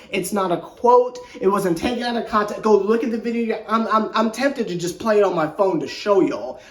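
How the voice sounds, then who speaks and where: A basketball channel host giving casual, slangy sports commentary, excitable and rambling, often stumbling and repeating words. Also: medium pitch. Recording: echoey room.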